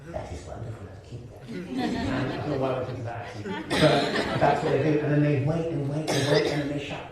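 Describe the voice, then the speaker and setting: Onstage before a crowd in a large hall, a Birmingham-born man who acts and directs is interviewed, spinning lively stories and often restarting sentences amid laughter. He speaks at a medium pitch. The sound is distant and echoey, with a hiss underneath.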